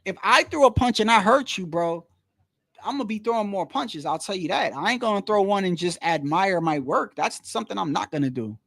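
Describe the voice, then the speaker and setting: Male streamer, high-pitched, slangy and blunt, casual live fight commentary, dry close mic. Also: lively intonation, fairly quick, creaky, fairly bright tone, no room sound. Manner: slangy, says "bro" constantly, blunt and opinionated.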